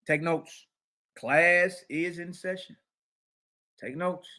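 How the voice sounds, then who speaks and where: A man's voice: on the high side, takes it slowly, bright, forceful tone. A man teaching scripture in a heated lecture, mocking and confrontational, with slangy asides and repeated key phrases. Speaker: religious teacher.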